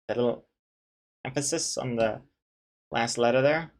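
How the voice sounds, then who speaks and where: A webcomic artist chats casually on a live stream, reading chat out loud with dry, joking banter and rambling restarts. His voice is medium in pitch and a little slow.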